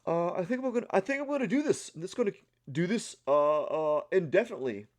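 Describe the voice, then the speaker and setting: Impression: a man doing a relaxed, unbothered guy chilling in an ice bath, loose casual drawl, voice pushed a bit higher than his own. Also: fast talker. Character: laid-back man lounging calmly in an ice bath.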